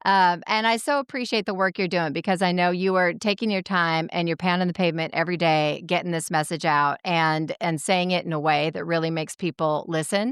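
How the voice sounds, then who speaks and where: A woman's voice: on the low side, steady tone, fairly quick, few pauses, smooth, no room sound, clean studio sound. A woman podcast host, enthusiastic and affirming, interviewing a guest and then reading the show's outro. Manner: enthusiastic, agreeable, warmly affirming.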